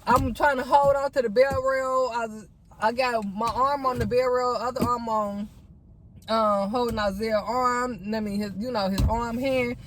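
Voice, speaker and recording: A woman's voice: on the high side, steady tone, unhurried, a bit bright, a little hiss or hum. Chatty young woman telling a story. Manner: chatty, addresses viewers as y'all. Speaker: vlogger. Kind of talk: storytime mukbang chat.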